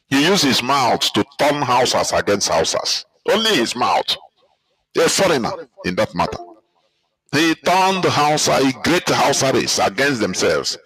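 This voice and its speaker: Nigerian man, angry commentary, emphatic, repeats phrases, mid-pitched voice, livestream sound. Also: fairly bright tone, husky, rough recording. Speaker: commentator reacting to a clip. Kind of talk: heated political commentary.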